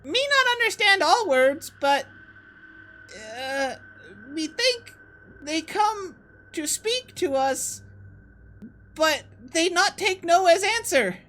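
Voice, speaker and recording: A woman voicing a young male cave goblin who is timid and speaks in halting, broken words. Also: animated, fairly bright tone, heavily acted. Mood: squeaky, timid. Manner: squeaky, halting broken speech.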